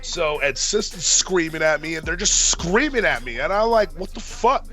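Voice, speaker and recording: A man's voice: fairly high pitch, animated, normal speed, sharp tone, faint music behind. A man casually telling a long, profane story on a podcast, acting out the arguments he quotes. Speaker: podcast co-host.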